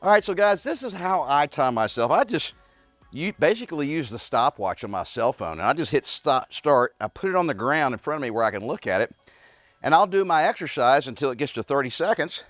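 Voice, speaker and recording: Lively fitness coach, a man, dry close sound. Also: a little high, brisk, no room sound, soft background music. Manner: energetic, talks straight to viewers as "guys". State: out of breath at times. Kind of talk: home workout instruction.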